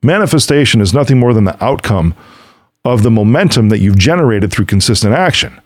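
A man's voice: mid-range voice, expressive, a little fast, dry recording. A middle-aged man hosting a podcast, talking casually in a motivational monologue and acting out conversations as he tells stories. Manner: storytelling, quotes others and himself; casual, swears now and then. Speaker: podcast host.

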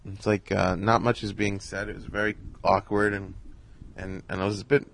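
A man telling a casual story in a relaxed, halting way, with lots of "you know". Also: on the low side, gravelly, low-quality recording. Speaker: podcast host and comedian.

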